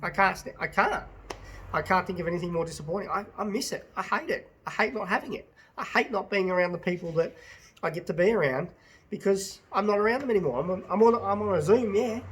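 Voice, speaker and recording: A man's voice: high voice, fast, fairly bright tone, a little hiss or hum. An Australian man, a business owner, ranting to his phone camera in a passionate, blunt way, swearing and repeating himself. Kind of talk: casual to-camera rant.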